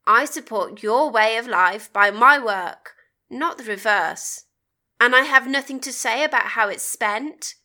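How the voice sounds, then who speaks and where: Brief: woman reading a dismissive, penny-pinching husband, scornful and sharp-edged. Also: on the high side, measured pace. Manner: curt, scornful. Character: stubborn, tight-fisted middle-aged husband, dismissive.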